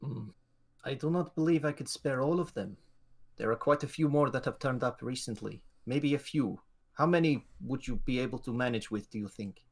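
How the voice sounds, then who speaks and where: A man voicing a stately older queen mother who speaks slowly and formally, in a tabletop role-play. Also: medium pitch, lightly acted. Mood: regal. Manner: slow, formal, regal speech.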